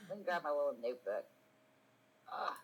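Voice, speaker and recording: A woman's voice: sits low, very animated, brisk, lo-fi sound. A woman in her forties chatting on a live stream, rambling and self-mocking, swearing freely and laughing often. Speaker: streamer hosting a live podcast. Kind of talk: casual live-stream chat.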